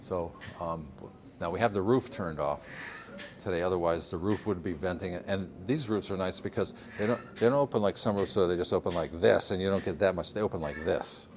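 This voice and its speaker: A man's voice: sits low, a little fast, a little mellow. An older man from Vermont giving a casual greenhouse tour, rambling with fillers and frequent chuckles. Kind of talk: casual walking-tour interview.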